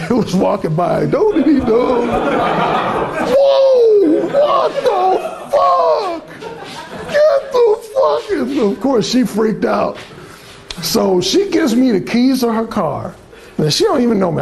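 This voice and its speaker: Blunt, gravelly older man telling stories. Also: high voice, slight background noise. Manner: blunt, crude, swaggering. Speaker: dating coach. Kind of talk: casual storytelling.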